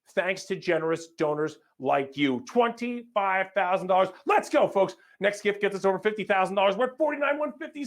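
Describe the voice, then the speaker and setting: A man's high-pitched voice drives a live fundraising appeal. He announces gifts in an energetic, upbeat stream and trips over the odd name as he thanks each donor. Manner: stumbles over names. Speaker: fundraiser emcee.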